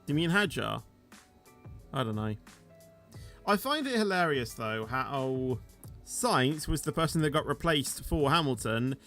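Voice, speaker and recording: A man's voice: medium pitch, lively intonation, unhurried, long pauses, a bit bright, soft background music. A man chatting casually on a game livestream, rambling and peppering his sentences with "you know", his voice rising at the end of sentences. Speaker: game streamer.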